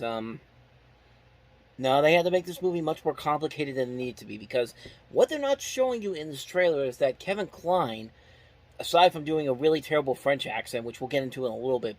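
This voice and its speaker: A man's voice: mid-range voice, darkish tone. A man giving a casual spoken movie review, frank and critical, rambling as he talks. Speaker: film reviewer.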